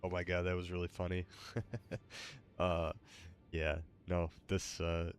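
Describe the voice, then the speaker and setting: A man's voice: deep voice, monotone, unhurried. A tired man hosting a late-night gaming stream, rambling with hesitant fillers and yawns. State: tired, yawning. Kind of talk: casual gaming stream chat.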